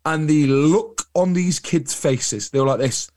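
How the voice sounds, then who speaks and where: A young adult man with an English accent, co-hosting a podcast in casual chat, telling animated anecdotes. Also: a little high, a little slow. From England. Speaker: podcast co-host.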